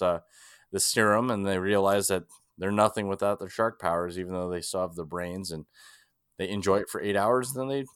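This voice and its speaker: Casual male podcast host, a bit low-pitched, recorded dry and close; easygoing, laughs a lot. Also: fairly bright tone, clean tone, no echo. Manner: laughs often, leads topics. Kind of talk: casual chat.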